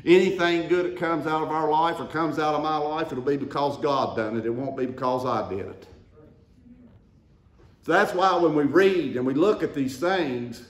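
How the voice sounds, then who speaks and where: A man's voice: a little high, normal speed. A man preaching a sermon, calling the congregation to answer and building to emphatic declarations. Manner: call-and-response preaching, rising to emphatic declarations. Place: church sanctuary. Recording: roomy church echo.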